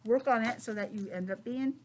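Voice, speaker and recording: A middle-aged woman teacher in a classroom, reading aloud to young children with lively, chatty asides. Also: fairly high pitch, a little fast, noisy background. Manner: chatty, expressive, drifts into personal asides. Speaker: preschool teacher.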